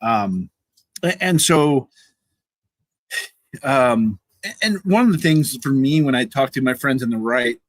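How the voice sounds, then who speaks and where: A man with a mid-pitched voice hosts a casual livestream chat. He is easygoing and keeps breaking into giggles, and his sound is dry and close to the mic. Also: animated, measured pace, pauses often, no echo. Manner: giggly, easygoing, keeps laughing between words. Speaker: host.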